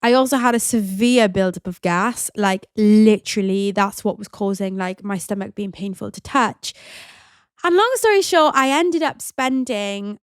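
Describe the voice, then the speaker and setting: A woman talks openly and chattily, the way a podcast host shares a personal story, with plenty of casual fillers. Her voice sits at an ordinary middle pitch for a woman. The sound is close and completely dry, with no room echo. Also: moderate pace, smooth. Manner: chatty and open, many "like" fillers.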